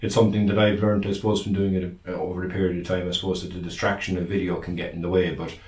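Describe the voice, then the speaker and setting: Low-voiced irish co-host, easygoing, sounds far off in an echoey room. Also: male voice, little pitch movement, very fast, a little mellow. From Ireland. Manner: laid-back, modest, reading out questions. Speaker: podcast co-host. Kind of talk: casual chat. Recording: roomy, distant from the mic.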